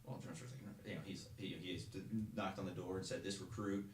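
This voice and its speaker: A young man tells his stories in a loose, rambling way, restarting his sentences as he goes. He talks quickly in a lowish voice. The room around him is noticeably echoey. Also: flat delivery, a little hiss or hum. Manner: rambling, with restarts and acted-out shouted quotes. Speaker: guest. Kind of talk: casual storytelling.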